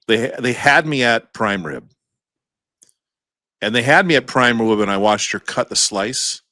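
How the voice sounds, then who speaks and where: A man's voice: lowish voice, a bit bright, no room sound. Man, podcast co-host, rambling casual storytelling, chuckles, acts out quoted voices, dry close mic.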